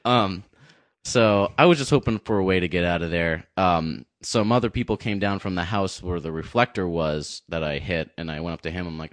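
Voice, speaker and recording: A man's voice: low-pitched, fairly quick, no echo. A man from New Hampshire co-hosting a podcast, telling a rambling story full of "like" fillers. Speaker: podcast co-host. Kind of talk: casual storytelling chat.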